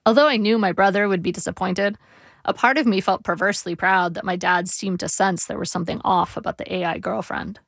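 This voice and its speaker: A woman narrating her own memoir in a wry, measured, reflective way. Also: medium pitch, steady tone, creaky, fairly bright tone, no echo, clean studio sound.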